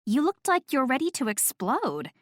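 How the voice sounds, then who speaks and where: A woman narrator brings out a bubbly, gushing young woman who squeals and insists on every bit of gossip. Her pitch jumps up high and lively. The audiobook sound is dry and close. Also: moderate pace, no room sound. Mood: excited. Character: excitable gushing young woman friend, fangirl.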